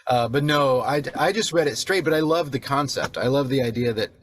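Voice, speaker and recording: A man's voice: medium pitch, brisk. Man, author guest, casual chat, self-deprecating, laughing, faint background noise.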